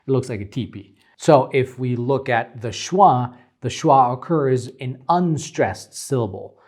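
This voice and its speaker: A young man teaching phonetics, explaining symbols slowly with frequent ums while pointing at examples. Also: mid-range voice, darkish tone. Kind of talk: phonetics lecture at a board.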